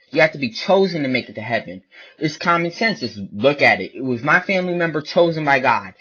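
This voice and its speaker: A man's voice: on the high side, bright, forceful tone, breathy edge. A man delivering a blunt, profane, repetitive ranting monologue about faith. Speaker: online video preacher. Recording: dull lo-fi recording.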